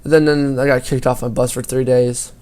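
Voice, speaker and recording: A man's voice: medium pitch, level tone, fairly quick, dark tone, smooth. A teenage boy gaming YouTuber telling a school story over gameplay, rambling and swearing a lot.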